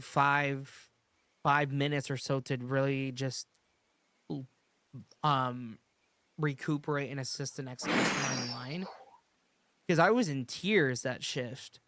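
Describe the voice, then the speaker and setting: A man's voice: medium pitch, slow pace, pauses often, fairly bright tone, clear, resonant tone, dry recording. A man chatting casually on a podcast, rambling through a work story with many restarts. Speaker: podcast host. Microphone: streaming studio mic.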